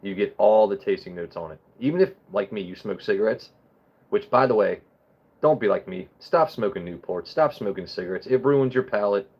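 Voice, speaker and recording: Casting note: young male streamer, low voice, relaxed swearing chat, muffled lo-fi sound. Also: moderate pace, husky. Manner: loose, swearing, talks straight to chat. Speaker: live stream host. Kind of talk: casual live-stream chat and whiskey tasting.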